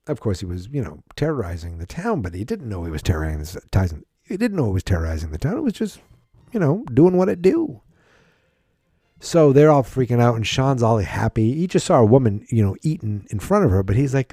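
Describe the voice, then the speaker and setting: A man's voice: medium pitch, sing-song, moderate pace, dark tone, no room sound, clean studio sound. A man casually recapping a film on a podcast, acting out the characters' lines in mocking voices. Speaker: podcast host.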